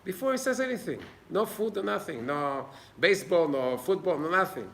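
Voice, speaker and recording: A man's voice: high-pitched, expressive, normal speed, creaky, fairly bright tone. A man giving an informal Torah class in an old synagogue, earnest and plain-spoken. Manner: earnest, plain-spoken, acts out little dialogues. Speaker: Torah teacher.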